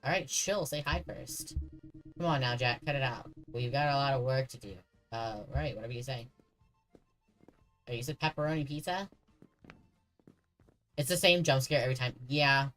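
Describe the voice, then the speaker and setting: A man's voice: medium pitch, moderate pace, long pauses, fairly bright tone, faint music behind, rough recording. A man streaming a horror game, chatting casually and joking with the characters on screen. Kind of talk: casual gameplay commentary.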